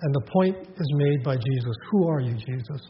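A man preaching a sermon, animated and full of quick voiced asides and restarts. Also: medium pitch. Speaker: pastor. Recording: dull lo-fi sound with long hall reverb and faint noise.

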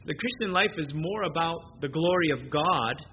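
A man's voice: a little high, lively intonation, normal speed, husky. A man preaching a sermon in an earnest way, often repeating words as he restarts his sentences. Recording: muffled lo-fi sermon recording with background noise.

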